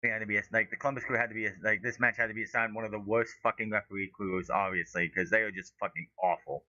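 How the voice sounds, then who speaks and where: Heated, sharp-voiced man ranting over a live match. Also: fairly even intonation, quick pace, no room sound, muffled recording. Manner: heated, profane ranting with sudden high-pitched outbursts. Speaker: watch-along streamer. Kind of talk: live fan watch-along commentary.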